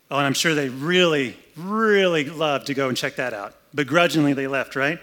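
A man's voice: fairly high pitch, normal speed, hardly any pauses, a bit bright. A pastor giving a conversational, humorous sermon indoors, acting out the story as he goes. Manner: conversational, humorous, acts out scenes. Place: air-conditioned room, indoors.

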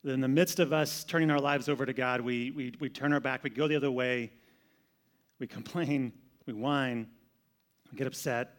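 A man's voice: mid-range voice, steady tone, normal speed. A man preaching a sermon in a conversational manner, often repeating words as he goes. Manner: conversational, repeats words, shifts between loud and soft. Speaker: pastor.

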